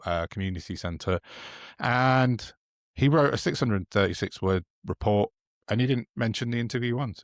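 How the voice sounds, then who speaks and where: A man's voice: lowish voice, no echo, clean studio sound. An English man co-hosting a political podcast, talking casually and reading out quotes with plenty of ums and restarts. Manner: hesitant, reads out quotes with many fillers. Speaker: podcast co-host.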